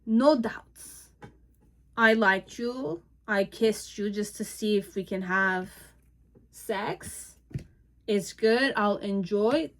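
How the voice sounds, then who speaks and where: A woman's voice: mid-range voice, slow. A woman giving a casual tarot reading, voicing in first person the person the cards describe. She rambles with hesitations and self-corrections and often laughs at what she reads. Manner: amused, breaks into laughter. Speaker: tarot reader.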